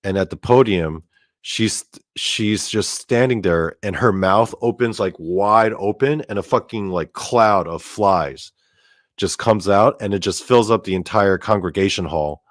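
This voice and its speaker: A man's voice: fairly low pitch, measured pace, dry recording, studio quality. A man casually telling a story as host, rambling with lots of fillers and frequent swearing. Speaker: podcast host.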